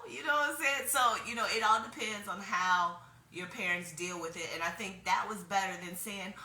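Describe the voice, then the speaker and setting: Presenter: woman in her forties, casual, frank storyteller, bright lowish voice, echoey room. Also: lively intonation, brisk. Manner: frank, chatty storytelling with slang. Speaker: wellness workshop presenter. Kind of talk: casual spoken workshop talk.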